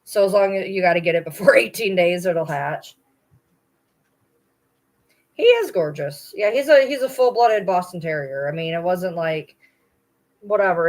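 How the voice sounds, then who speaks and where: A woman's voice: lowish voice, a little mellow. A woman chatting casually on a livestream, rambling and cooing to her dogs between remarks, blunt and swearing now and then. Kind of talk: casual chat during a livestream.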